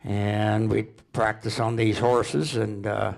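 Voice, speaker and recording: An older man from Alberta telling rambling, folksy stories at a public presentation, unhurried and chuckling. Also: lowish voice, level tone, vocal fry, darkish tone. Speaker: local storyteller.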